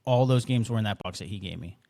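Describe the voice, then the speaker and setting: A man's voice: fairly low pitch, fast, creaky, mellow, no room sound. A man co-hosting a podcast in casual chat, laid-back and hesitant, with many fillers. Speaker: podcast co-host.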